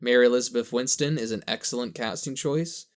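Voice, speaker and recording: A man's voice: medium pitch, brisk. A man co-hosting a podcast in casual chat, rambling and correcting himself, with a slight lisp. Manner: rambling, self-correcting, laughs at own jokes. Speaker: podcast co-host.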